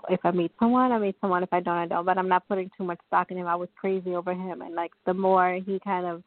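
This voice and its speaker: A woman's voice: on the low side, fairly even intonation, fast, dry recording. A woman calling into a reading show, rambling and hesitant as she talks through her feelings. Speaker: caller. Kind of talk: phone call to a reading show. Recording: dry tinny phone line.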